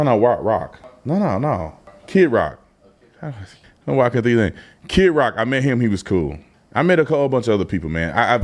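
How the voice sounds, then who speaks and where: A man hosting a casual reaction commentary, slangy and animated, breaking into mocking impressions. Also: on the low side. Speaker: commentary channel host.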